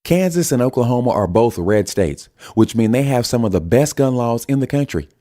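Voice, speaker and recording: A man's voice: medium pitch, expressive, moderate pace, warm tone, pitched above the performer's own voice, close to an everyday voice. A male narrator plays a brash female pundit with a thick Southern US accent. She sneers and argues, her voice raised above his own. It is read as part of an audiobook. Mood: combative. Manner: combative, sneering.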